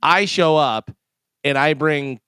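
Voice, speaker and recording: A man's voice: a little high, slow pace, bright, forceful tone, clear, resonant tone, dry recording. A man co-hosting a morning radio show, teasing the host in chatty banter and reading out odd news stories. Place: radio studio.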